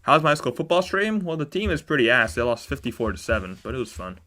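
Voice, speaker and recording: A young man hosting a live baseball stream, chatting casually with viewers and admitting a sore throat that leaves him a bit monotone. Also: mid-range voice, fast talker. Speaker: sports stream host.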